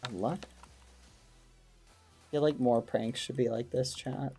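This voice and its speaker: A man streaming a game, chatting casually and excitedly with his viewers and using wholesome exclamations instead of swearing. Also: medium pitch, a little slow, soft background music. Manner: excitable, talks to his chat. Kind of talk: casual gaming livestream chat.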